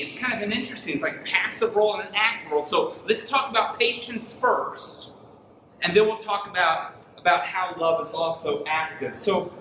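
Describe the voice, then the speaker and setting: A man in his thirties delivers a sermon with lively, animated storytelling, his high voice bright and ringing. He sounds worn out from lack of sleep. The mic sits back from him in an echoey church room with a faint hum of ambience. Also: recorded from a distance. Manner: animated storytelling, rising to near-shouts in frustration. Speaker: pastor. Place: church sanctuary.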